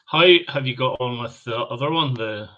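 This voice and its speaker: A man's voice: medium pitch, moderate pace, muffled recording. A British man co-hosting a live stream, chatting casually and laughing often. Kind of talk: casual chat.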